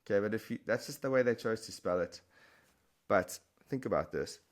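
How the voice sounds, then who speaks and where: A man explaining a language lesson, patiently repeating words slowly for the learner. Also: fairly low pitch. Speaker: Spanish teacher.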